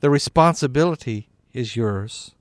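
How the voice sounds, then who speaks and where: A man voicing a cautious male governor in a storybook reading, measured and firm. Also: mid-range voice, animated, dry recording, natural voice.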